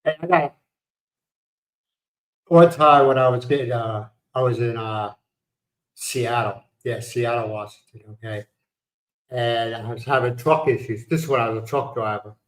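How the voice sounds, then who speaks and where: A man's voice: mid-range voice, a little slow, long pauses. Middle-aged man, casual livestream chat, storyteller, laughs at his own jokes, roomy echoey sound. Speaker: livestream host.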